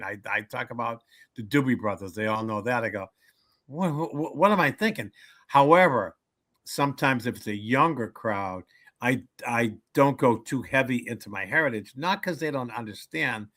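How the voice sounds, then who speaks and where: At a normal speed and in a mid-range voice, a man in his seventies trades jokes and stories as a comedian guest in a casual interview. He acts out the voices of the people in them with lively energy.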